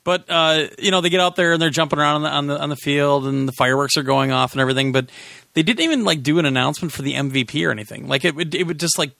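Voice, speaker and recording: A man's voice: fairly high pitch, rapid-fire, vocal fry, bright, forceful tone, no room sound, clean studio sound. A man hosting a podcast, giving a casual, rambling game review with sarcastic asides and many restarts. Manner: rambling, sarcastic, self-correcting. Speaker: podcast host.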